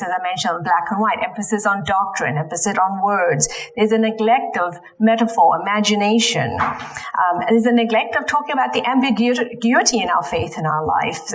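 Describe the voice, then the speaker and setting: A woman's voice: mid-range voice, normal speed, low-quality recording. A woman giving a lecture in a church, speaking with frequent ums and self-corrections. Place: church hall.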